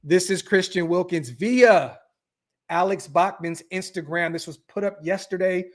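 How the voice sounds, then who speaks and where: A man's voice: sits high, a little slow. A man hosting a casual sports podcast, talking animatedly to his viewers, often repeating himself and restarting phrases. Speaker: podcast host.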